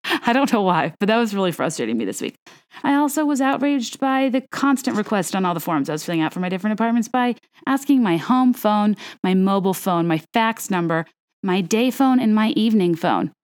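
A young woman hosting a podcast, chatting in a casual, animated rant full of fillers and self-corrections. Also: mid-range voice, a little fast, clear, resonant tone. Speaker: podcast host.

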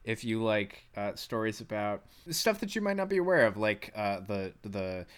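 A man's voice: on the low side, big pitch swings, moderate pace, clear, resonant tone. A man guesting on a podcast, joking crudely in casual banter.

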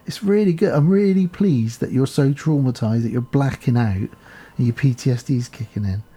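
A man's voice: mid-range voice, moderate pace, mellow, breathy edge, natural voice. A man doing a chirpy doctor. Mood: falsely cheerful. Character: older male doctor, soothing and oddly upbeat.

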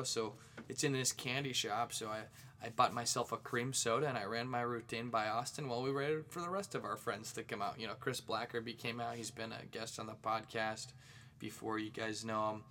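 A man from the St. Louis area hosting his own podcast alone, rambling excitedly with jokey asides. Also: medium pitch, slight background noise. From St. Louis area, Missouri. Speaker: podcast host. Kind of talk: casual solo podcast monologue.

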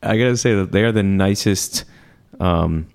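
Low-voiced man who rambles and chuckles. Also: normal speed, gravelly, darkish tone. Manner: chuckly, rambling, swears casually. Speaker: podcast co-host. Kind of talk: casual chat.

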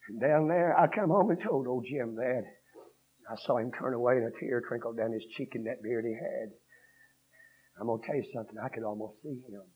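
Husky preacher, shouting cadences. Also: male voice, mid-range voice, brisk. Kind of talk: revival sermon. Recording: dull lo-fi sermon recording.

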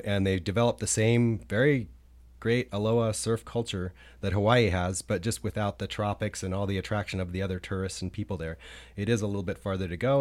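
A man's voice: on the low side, darkish tone. A man on a podcast as a guest, recalling his travels in a rambling, casual way with many fillers and restarts. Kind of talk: casual chat.

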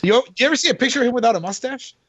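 High-voiced joking male co-host. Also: very fast, breathy edge, no echo, lo-fi sound. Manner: excitable, joking, does funny impressions. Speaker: podcast co-host. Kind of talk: casual podcast chat.

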